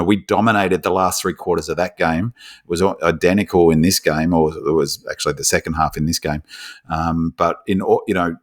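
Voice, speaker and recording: A man with an Australian accent co-hosting a casual sports podcast, rambling with many restarts and growing animated as he tells stories. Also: low-pitched. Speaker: podcast co-host. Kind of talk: casual chat.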